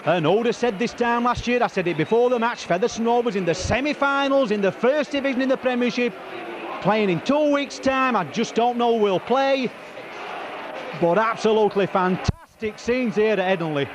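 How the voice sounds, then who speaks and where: Hoarse, very high-pitched commentator. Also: male voice, moderate pace. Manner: excitable, partisan, rattling off player names. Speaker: rugby league commentator. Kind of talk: live match commentary. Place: outdoor rugby ground. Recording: noisy outdoor broadcast.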